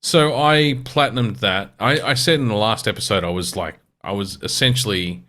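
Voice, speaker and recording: A man's voice: on the low side, normal speed, pushed and bright. An Australian man co-hosting a podcast, explaining a game at length in casual chat, with restarts. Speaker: podcast co-host.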